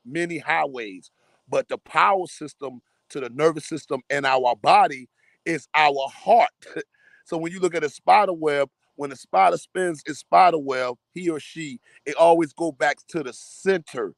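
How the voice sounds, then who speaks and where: A man's voice: a little high, gravelly, a bit bright, no room sound. A man in casual group discussion, talking loosely in slang and building long metaphors. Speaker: truck driver and caller.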